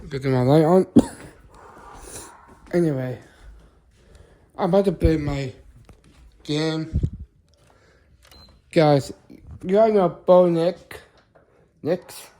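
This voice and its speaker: In a loose vlog-style chat to the camera, a man with a darkish, higher-pitched voice draws out his words and leaves long pauses. He rambles, regularly starting over and correcting himself partway through sentences.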